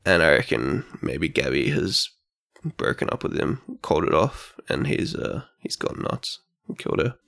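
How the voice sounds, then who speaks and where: A young man co-hosting a podcast, talking casually and thinking aloud with pauses. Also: a bass voice, big pitch swings, gravelly, fairly bright tone. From Australia. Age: young adult. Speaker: podcast co-host. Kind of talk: casual chat.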